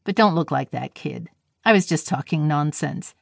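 A woman's voice: sits low, lively intonation, normal speed, creaky, no room sound, clean studio sound, heavily acted. A woman voicing a breezy young railroad engineer. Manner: slangy, cheerful reassurance.

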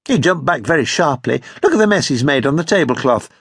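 A man voicing a sharp, jealous young woman with a quick, accusing tongue in an audiobook. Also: a little high, expressive, slightly rough, no room sound, studio quality, heavily acted. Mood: indignant. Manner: tart and accusing.

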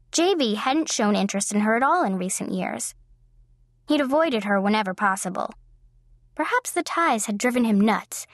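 A woman's voice: medium pitch, no room sound, clean studio sound. Woman reading a romance audiobook. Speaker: audiobook narrator. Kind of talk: scripted narration.

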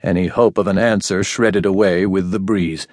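A man narrates a fantasy novel in a low voice, with measured and unhurried pacing. The recording is dry and close-miked, with no room around it. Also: steady tone, darkish tone, no room sound. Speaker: audiobook narrator. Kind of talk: scripted narration.

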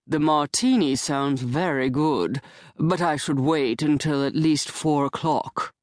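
A weary, formal old widower, as a woman narrator puts him on, speaking in a slow, lowered voice. He weighs each clipped word as if it costs him something. The recording is close and completely dry. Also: darkish tone, no room sound. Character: older male widower, formal, weary, bitter. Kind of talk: audiobook character voice. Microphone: close studio mic.

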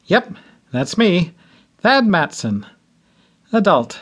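A jittery young groom forcing a bright, cheerful tone, pitched well above an ordinary speaking voice, as a man puts him on. His replies come out strained, like a smile held too long. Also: very animated, slow, exaggerated voice. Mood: forced cheer. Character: young adult male groom, anxious, putting on cheer.

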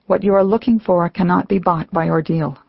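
A woman reading the lines of an ancient spirit grandmother who speaks quietly, simply and slowly in an audiobook. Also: fairly low pitch, steady tone, vocal fry, dry recording, muffled recording. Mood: gentle. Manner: soft, simple and slow.

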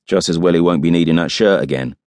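A man voicing a wry, laconic detective sergeant with a deadpan delivery. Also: deep voice, fast, no room sound, close to an everyday voice.

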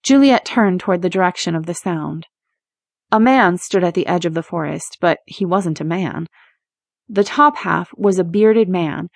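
A woman narrating a romance audiobook in a measured, expressive reading. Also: lowish voice, vocal fry, no echo, clean studio sound. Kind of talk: scripted narration.

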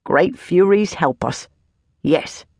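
A dapper, shrewd old male valet who talks in a quiet, knowing tone, as a woman reading an audiobook puts him on. Dry, close sound. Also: lowish voice, expressive, slow, breathy edge, no echo, heavily acted.

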